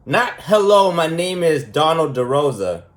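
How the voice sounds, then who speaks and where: A man's voice: fairly high pitch, big pitch swings, a little slow. A man talking as a preschool teacher in a rambling, mocking monologue, repeating his points for emphasis. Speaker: preschool teacher giving a lesson.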